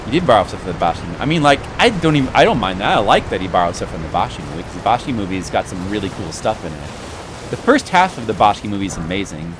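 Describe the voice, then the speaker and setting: A man chatting loosely while he plays a game, his pitch swinging widely as he rambles and mocks scenes he dislikes. Steady background noise sits under his voice throughout. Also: fast. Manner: rambling, animated, mocking movie scenes. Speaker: streamer playing a game. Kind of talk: casual chat while gaming. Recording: noisy background.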